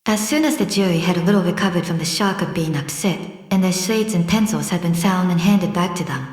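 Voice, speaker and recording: A woman narrating a classic storybook in a measured, gently expressive reading. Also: on the low side, roomy sound. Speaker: audiobook narrator.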